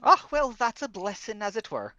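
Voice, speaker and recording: A woman's voice: mid-range voice, big pitch swings, normal speed, sharp tone, dry recording, dull audio. A woman playing a tabletop game, speaking in character in a playful, slangy way. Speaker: player.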